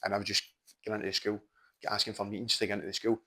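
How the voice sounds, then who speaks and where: A Scottish man, a mindset coach, telling stories in casual podcast chat, animated and swearing freely. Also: on the low side, rapid-fire. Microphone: podcast microphone.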